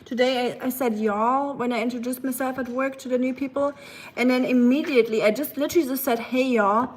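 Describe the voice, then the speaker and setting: A woman's voice: high voice, fairly even intonation, fast, darkish tone, echoey room, poor audio. A woman from Germany with a German accent, hosting a casual cooking live stream in a chatty, playful, self-mocking way.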